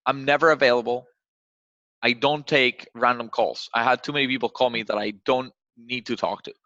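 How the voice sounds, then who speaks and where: A man coaching on cold calling over a video call, often acting out phone exchanges in a raised, lively voice. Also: medium pitch, normal speed, no room sound. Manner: acts out phone calls in a raised voice. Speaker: sales trainer. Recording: dull, dry video call audio.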